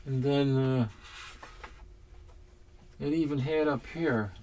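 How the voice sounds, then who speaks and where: A man's voice: medium pitch, fairly even intonation, a little mellow, a little hiss or hum. Rambling man unboxing comics at home. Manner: rambling, halting, swears and digresses. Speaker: comics collector vlogger. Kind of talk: casual unboxing chat.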